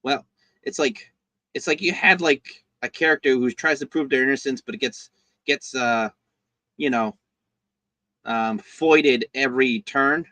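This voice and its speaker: Host note: man, rambling casual reviewer, bright forceful voice, dry close mic. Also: mid-range voice, no room sound. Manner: rambling, halting, with lots of fillers and restarts.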